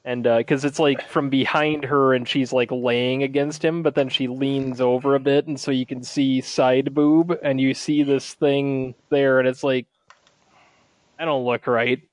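A man's voice: medium pitch, little pitch movement, a little slow, hardly any pauses, darkish tone, no room sound. A man chatting casually as a podcast co-host, rambling with lots of fillers and laughing as he tells stories. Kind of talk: casual chat.

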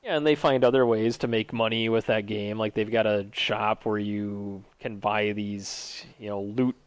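Guy with lowish voice rambling about games, laid back, dry close sound. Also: unhurried, clean tone, no echo. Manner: relaxed, rambling, lots of fillers. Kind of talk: casual chat about video games.

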